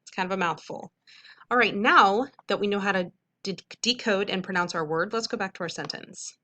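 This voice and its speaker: A woman teacher giving a recorded phonics lesson to students, speaking in a clear, patient, instructive way and slowly stretching out sounds. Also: medium pitch, bright, forceful tone.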